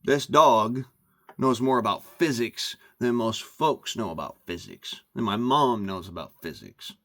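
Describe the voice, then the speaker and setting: Slow-talking man on a rambling rant. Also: medium pitch, pushed and bright. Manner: emphatic, meandering, repeats himself. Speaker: vlogger.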